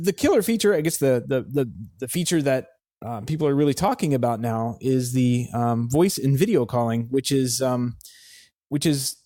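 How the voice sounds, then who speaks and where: A man co-hosting a tech podcast, chatting casually and haltingly with frequent restarts and repeated words. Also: medium pitch, dark tone, dry recording, clean studio sound. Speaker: podcast co-host.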